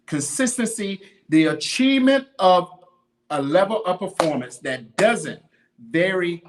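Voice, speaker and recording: A man's voice: medium pitch, fairly bright tone. A man hosting a podcast, giving an emphatic motivational talk on consistency in a slangy, repetitive, preachy way. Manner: greets viewers by name mid-talk. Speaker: podcast host, fitness motivator. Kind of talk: motivational monologue.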